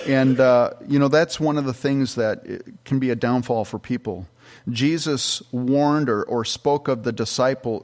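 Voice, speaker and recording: A middle-aged man, a pastor, giving a conversational Bible-teaching sermon with frequent restarts and fillers. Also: mid-range voice.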